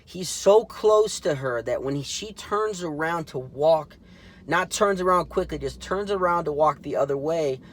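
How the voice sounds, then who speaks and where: A man's voice: on the high side, normal speed. A man hosting his own political commentary show, talking casually and indignantly with lots of fillers and restarts. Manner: rambling, full of fillers and restarts; indignant, mocking.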